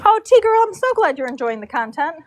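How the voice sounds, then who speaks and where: Chatty high-voiced woman livestreaming from a barn. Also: very animated, brisk, noisy background. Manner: chatty, reads viewer comments aloud, baby talk to her dog. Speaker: horse braider livestreaming. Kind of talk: casual livestream chat. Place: horse show barn stall.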